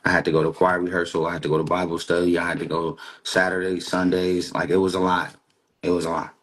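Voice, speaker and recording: A man's voice: sits low, level tone, fast, fairly bright tone. A man chatting as a guest on a live stream, rambling and joking, talking in circles. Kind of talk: casual live stream chat.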